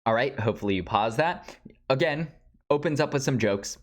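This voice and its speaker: A man in an everyday mid-range voice talks students through speech examples. His delivery is loose and conversational, full of small fillers and quick asides. It sounds like a relaxed instructional voice-over. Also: medium pitch. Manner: casual, conversational explaining with fillers. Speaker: speech and debate teacher. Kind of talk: instructional lecture.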